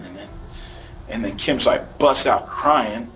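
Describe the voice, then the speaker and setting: A man's voice: mid-range voice, takes it slowly, rough recording. Man telling a story over noise. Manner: animated storytelling, acting out shouted quotes. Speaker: father being interviewed. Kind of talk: emotional interview retelling.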